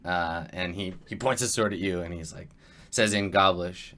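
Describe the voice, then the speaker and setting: Male game master, bright voice, halting, filler-heavy narration. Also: sits low.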